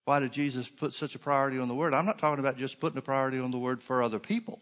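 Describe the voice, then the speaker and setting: A man's voice: medium pitch, steady tone, racing, a bit bright, big-room sound. A man preaching a sermon, driving his points home with repeated phrases and rhetorical questions.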